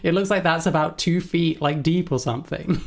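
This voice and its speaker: A woman's voice: low-pitched, normal speed. A woman streamer giving blunt, sarcastic and profane reaction commentary, often laughing. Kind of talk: casual livestream reaction commentary.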